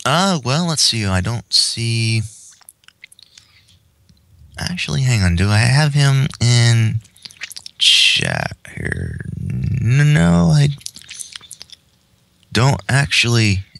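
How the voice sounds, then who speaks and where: Chatty podcast host with a bright voice. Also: male voice, mid-range voice, wildly swooping pitch, very slow, gravelly, long pauses. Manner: rambling, chatty. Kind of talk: casual podcast chat.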